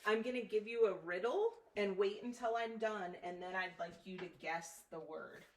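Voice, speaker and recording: Woman, teacher, phonics lesson, deliberate, echoey room, distant mic. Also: medium pitch, a little mellow. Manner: slow, deliberate, spells out letters. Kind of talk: phonics lesson, step-by-step instruction. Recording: echoey room from far off, faint noise.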